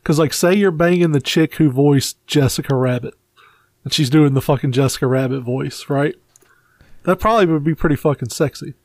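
A man with a fairly high voice trading crude, joking stories as a podcast co-host. The sound is dry and close-miked. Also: fairly quick, darkish tone, dry recording. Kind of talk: casual chat.

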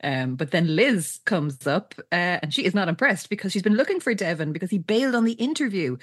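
A woman's voice: on the low side, a little fast, no room sound, studio quality. A woman co-hosting a podcast, chatting casually and animatedly, laughing often as she compares storylines. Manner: giggly, animated, laughs often while talking. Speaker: podcast co-host. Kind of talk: casual recap chat.

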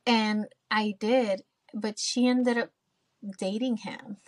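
A woman's voice: on the high side, steady tone, takes it slowly. Candid, freely swearing woman podcast host. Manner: candid, swears freely, tells stories with quoted asides. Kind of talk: casual chat.

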